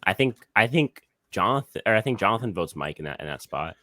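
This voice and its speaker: A man's voice: fairly low pitch, very animated, fast, sharp tone, dry recording, clean studio sound. A young man hosting a casual podcast, rambling with frequent restarts and repeated words. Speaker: podcast host.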